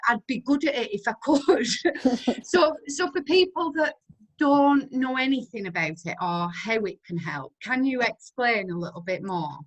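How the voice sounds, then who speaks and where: A woman's voice: on the high side, animated, moderate pace, poor audio. A woman hosting a podcast who asks her guest a question in a self-deprecating way, laughing easily. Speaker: podcast host. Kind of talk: casual podcast chat.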